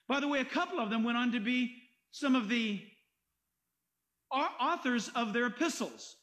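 A male pastor preaches with lively emphasis and quick humor, reading scripture aloud between his points. His voice sits very high for a man. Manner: animated, emphatic, joking, quotes scripture. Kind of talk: sermon.

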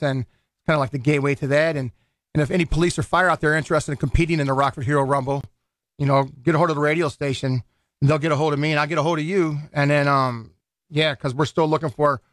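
A man with a slightly higher-than-usual voice talks loosely as a guest in a radio studio, circling back and restarting his sentences. His voice sits dry and close on the studio microphone, with no room sound around it. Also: fairly bright tone, no room sound. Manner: rambling, loose, many restarts and fillers. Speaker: boxing event organizer. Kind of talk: casual radio interview.

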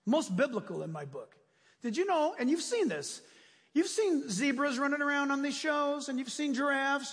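A man's voice: extremely high pitch, long reverb tail. A man preaching a sermon as a pastor, telling stories and acting out voices. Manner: animated storyteller acting out voices.

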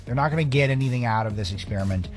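A man's voice: mid-range voice, rapid-fire, faint music behind. A man hosting a talk radio show, giving sarcastic, rambling political commentary into a studio microphone.

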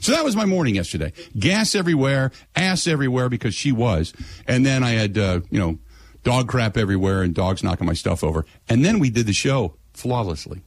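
A man's voice: mid-range voice, animated, brisk, no echo. A middle-aged man hosting sports radio, telling a story in blunt, sarcastic, exasperated casual chat.

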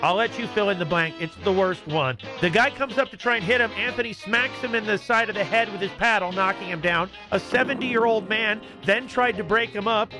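Wry higher-voiced male radio storyteller. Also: fairly quick, few pauses. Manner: wry, mock-serious storytelling. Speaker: radio segment host. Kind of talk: comic news segment. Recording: music bed behind voice.

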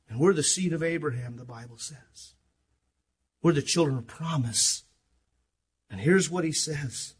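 An older man pastor preaching an impassioned sermon. He swings between loud declarations and quiet asides and acts out stories. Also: a little high, unhurried, long pauses, husky. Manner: impassioned, rising and dropping sharply in volume, acts out stories.

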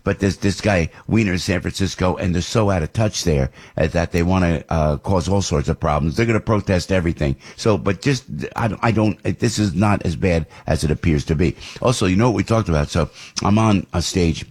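An older man hosting a radio talk show, rambling with many restarts and repeated words, getting animated as he talks. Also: deep voice, a little fast, breathy edge. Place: radio studio.

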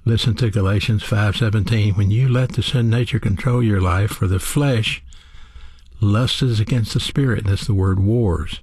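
Husky-voiced male Bible teacher, measured sermon. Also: fairly low pitch, darkish tone, dry recording, studio quality. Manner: measured, deliberate preaching with rhetorical questions.

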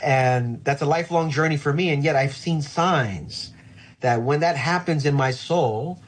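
A man who is a pastor, talking earnestly about faith in a conversation and slowing down to stress his points. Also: a little high, husky.

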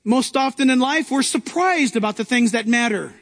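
A pastor delivers a sermon in a very high voice, pushing hard on key lines and rising in bursts. His words ring out with the long reverb of a large sanctuary. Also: expressive, normal speed, fairly bright tone. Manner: emphatic preaching with rising outbursts.

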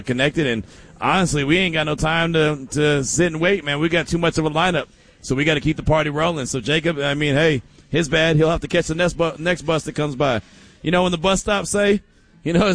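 Male sports talk host, joking and animated, higher pitch, dry close mic. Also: moderate pace, no room sound. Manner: animated, joking, breaks into laughter.

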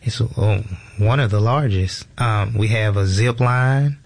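Gravelly low-voiced man explaining. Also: unhurried. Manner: informal, explanatory, frequent fillers and restarts. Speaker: museum educator guest. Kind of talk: casual radio interview.

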